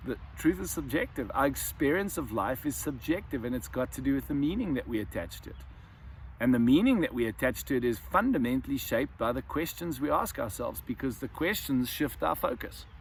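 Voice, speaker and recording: A man's voice: mid-range voice, very animated, normal speed, a little hiss or hum. Man musing about focus. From South Africa. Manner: musing, repeats and restarts words. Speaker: self-help video host. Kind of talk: reflective monologue to camera.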